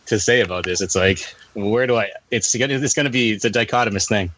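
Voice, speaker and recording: A man's voice: on the low side, fast, a bit bright. A man co-hosting a casual podcast, joking crudely and swearing freely. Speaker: podcast co-host. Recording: audible background noise and typing.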